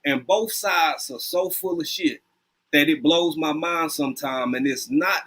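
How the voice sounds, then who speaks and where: A man's voice: on the high side, a little slow, fairly bright tone. A man in his fifties in candid conversation on a livestream, blunt and plain-spoken, swearing freely as he makes his case. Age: 50s. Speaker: livestream guest. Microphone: video call mic.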